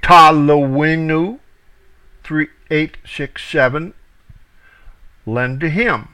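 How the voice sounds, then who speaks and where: Very slow, bright-voiced male Bible teacher. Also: on the high side, clean tone, low-quality recording. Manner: slow, deliberate reading, calling out reference numbers. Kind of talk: scripture reading with word study.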